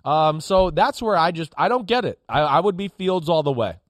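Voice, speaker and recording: High-voiced, emphatic football analyst man. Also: moderate pace, dry recording, studio quality. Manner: emphatic, animated, acts out players' reactions. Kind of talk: studio sports talk.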